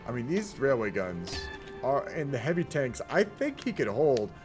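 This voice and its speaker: A young man, talking through a multiplayer strategy match as its caster. His delivery is casual and rambling, full of asides and "y'all." His voice sits in a middle pitch over soft background music. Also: very animated, moderate pace. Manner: chatty, rambling, says "y'all". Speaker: game caster. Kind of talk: casual multiplayer game commentary.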